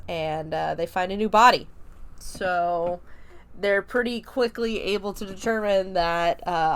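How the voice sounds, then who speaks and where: A woman on her podcast talks through a film review in a loose, conversational way, full of fillers like um and like. Her voice sits on the lower side for a woman. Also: clear, resonant tone. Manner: chatty, many fillers like um and like. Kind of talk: casual spoken film review.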